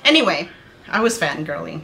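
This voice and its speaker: A woman's voice: low voice, big pitch swings, fairly quick, gravelly, pushed and bright. A woman in her thirties chatting casually to her viewers as a knitting vlogger, gushing and bubbly, calling them "you guys".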